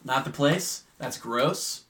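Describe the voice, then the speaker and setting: A man's voice: mid-range voice, slow pace, a crowd in the background. Swearing young man telling a bar story. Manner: animated, swears freely, acts out quoted people. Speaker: podcast co-host. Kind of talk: casual storytelling chat.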